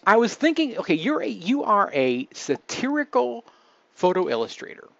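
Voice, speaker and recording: A man hosting a live webcast, talking in a relaxed, chatty way with many fillers and restarts. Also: sits high, moderate pace, creaky, no echo, muffled recording. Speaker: host.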